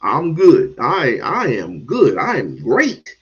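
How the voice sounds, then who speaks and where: A man's voice: fairly high pitch, wildly swooping pitch, slow pace, fairly bright tone, husky, dull audio. A man hosting a livestream, talking bluntly and in a drawl straight to his chat. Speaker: livestream host. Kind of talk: livestream commentary.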